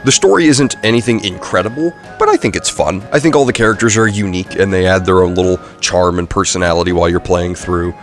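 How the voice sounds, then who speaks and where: A man's voice: low-pitched, quick pace, few pauses. A young man casually reviewing a video game, rambling with lots of fillers and self-corrections. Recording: faint music underneath. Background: faint background music.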